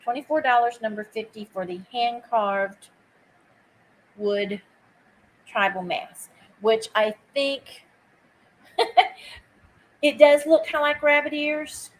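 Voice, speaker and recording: A woman's voice: on the high side, takes it slowly, long pauses, a little hiss or hum, rough recording. A woman hosting a live online vintage sale. She chats casually, greets viewers by name while she takes bids, and drops easy asides. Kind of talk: live-stream auction chat.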